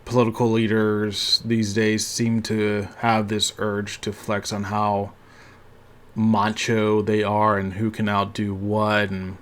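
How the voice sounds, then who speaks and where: A man hosting a casual coffee podcast, giving his loose, unscripted opinions with dry sarcasm and frequent pauses. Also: lowish voice, monotone. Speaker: podcast host.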